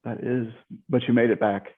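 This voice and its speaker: A man's voice: mid-range voice, fairly even intonation, moderate pace. A man with a Midwestern American accent, a podcast host chatting casually and laughing easily over a video call. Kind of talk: casual interview chat. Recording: thin phone-like video-call audio.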